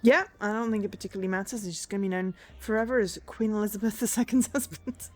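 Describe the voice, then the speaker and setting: A woman's voice: mid-range voice, fast, darkish tone. A woman in her thirties, a streamer chatting casually and rambling between tangents while she plays. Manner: rambling, chatty, self-deprecating. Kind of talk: casual chat while livestreaming a game.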